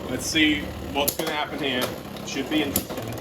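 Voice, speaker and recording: Lively, animated man reviewing toys. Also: fairly high pitch, brisk, very noisy. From Australia. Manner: animated and chatty, with frequent fillers and restarts. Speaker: toy reviewer and channel host. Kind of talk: casual review commentary. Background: background music.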